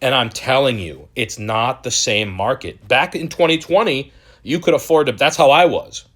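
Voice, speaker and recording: A man's voice: medium pitch, moderate pace, fairly bright tone. A young man hosting a crypto channel, ranting in a profane, exasperated and mocking way. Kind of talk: ranting video commentary.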